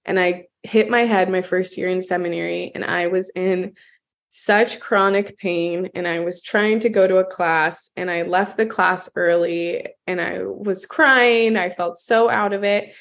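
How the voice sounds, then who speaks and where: A woman guest recounting personal stories in an earnest, halting way, with many ums and restarts. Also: on the low side, fairly even intonation, gravelly, a bit bright. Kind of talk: reflective storytelling.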